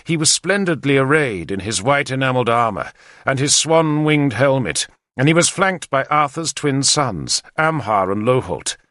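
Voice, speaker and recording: Lively, expressive male audiobook narrator. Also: mid-range voice, normal speed, no echo, studio quality. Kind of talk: scripted first-person narration.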